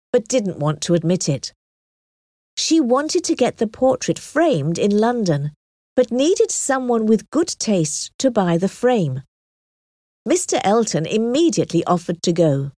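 A woman narrating a storybook in a clear, measured reading voice. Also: medium pitch, warm tone, no echo, studio quality.

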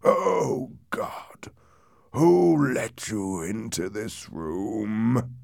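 A man reading aloud and voicing a haunted, brooding master of the house who moves between hushed whispers and choked shouts. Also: fairly low pitch, big pitch swings, drawn-out words, vocal fry, dry recording, studio quality, heavily acted. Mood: tormented.

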